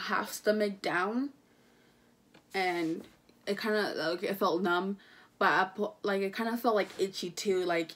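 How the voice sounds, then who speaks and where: A woman's voice: mid-range voice, a bit bright. A young woman telling her own story in a casual storytime vlog, chatty and rambling, full of fillers, restarts and casual swearing. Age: young adult. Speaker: vlogger.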